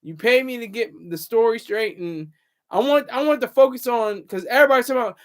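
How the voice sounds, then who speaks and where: A man in his thirties hosts a casual livestream with a fairly high voice. He rambles from thought to thought, stopping to read out and answer viewer comments. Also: animated, fast. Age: 30s. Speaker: livestream host.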